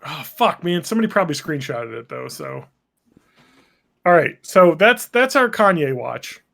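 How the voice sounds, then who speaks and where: Excitable man reading posts aloud. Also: on the high side, normal speed, creaky. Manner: excitable, reads posts aloud with running commentary. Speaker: podcast co-host. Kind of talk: casual chat.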